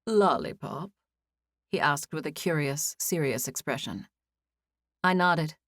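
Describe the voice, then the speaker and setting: A woman reading a first-person novel as an audiobook narrator, in an even, measured storytelling style, on a close studio mic. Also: sits low, no echo.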